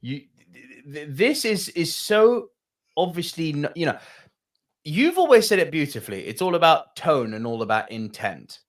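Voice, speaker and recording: A man's voice: a little high, very animated, moderate pace. A man co-hosting a podcast in casual chat, rambling, often restarting his sentences and swearing casually. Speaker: podcast co-host.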